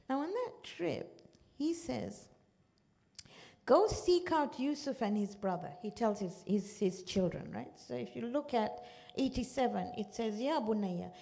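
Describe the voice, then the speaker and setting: A woman teaching a religious class, her fairly high voice gravelly and mellow. She tells the story with acted-out quotes and pitch jumps, and keeps asking her listeners "okay?" to check they follow. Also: a little hiss or hum. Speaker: Quran teacher. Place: community centre hall.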